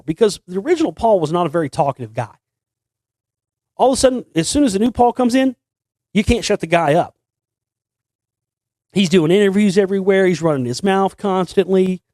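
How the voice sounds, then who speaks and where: A man's voice: high-pitched, dark tone, no echo. A man hosting a casual solo talk show, rambling with many restarts and repeated words. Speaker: host. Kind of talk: casual monologue.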